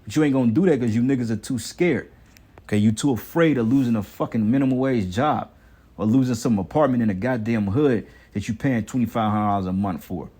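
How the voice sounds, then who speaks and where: A man's voice: mid-range voice, a little fast, mellow. A man delivering an angry, profane preaching rant, repeating himself and tagging lines with "man". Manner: heated, repetitive, swearing, ends lines with "man".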